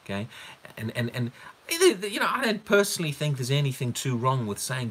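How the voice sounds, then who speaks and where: A man preaching a sermon, animated and repeating himself as he gets excited. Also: mid-range voice, a little fast. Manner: animated, rising to loud excited bursts when quoting; repeats words and restarts when excited.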